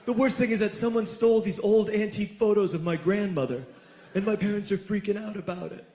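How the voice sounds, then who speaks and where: A man voicing an anxious teenage boy with a higher, fretful voice, in an echoey room. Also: brisk, warm tone, natural voice. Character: anxious teenage boy, host of a trashed party. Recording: echoey room with audience noise.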